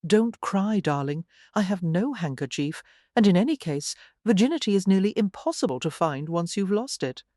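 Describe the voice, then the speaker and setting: The audiobook narrator voicing a charming, teasing aristocratic gentleman with a wry manner. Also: medium pitch, expressive, normal speed, no echo, studio quality, voice pushed up, lightly acted. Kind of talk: audiobook character voice.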